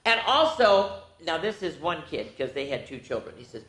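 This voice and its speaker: A woman hosting a children's storytime, reading a book aloud in a playful, animated way with silly sounds and voices. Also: deep voice, moderate pace. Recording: echoey room.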